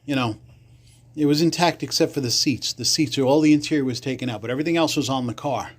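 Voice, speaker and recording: Animated New man telling street stories. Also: quick pace. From the Bronx, New York. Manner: acts out quoted voices with big jumps in pitch, salty language. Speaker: podcast guest. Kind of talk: casual storytelling.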